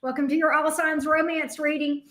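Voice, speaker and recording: A woman's voice: high-pitched, level tone, moderate pace, a bit bright, reverberant. A woman with a Southern US accent, chatting casually on a live stream as a tarot reader and greeting viewers by name.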